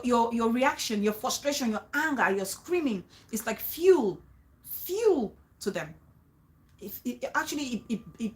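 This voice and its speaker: Lady vlogging, kinda high voice, keeps repeating herself for emphasis. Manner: emphatic, repeats and restarts phrases, urges trust. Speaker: vlogger giving advice. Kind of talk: casual talk to viewers.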